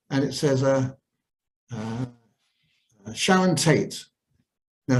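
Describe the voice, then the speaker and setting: A man's voice: mid-range voice, slight background noise, rough recording. An older man, a guest in an interview, telling long anecdotes with many fillers and restarts. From England. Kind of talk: storytelling interview.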